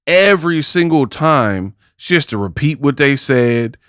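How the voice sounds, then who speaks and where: A man's voice: on the high side, animated, unhurried, a bit bright, clear, resonant tone, no echo, clean studio sound. A man hosting boxing commentary, reacting to clips in a casual, mocking, slangy way.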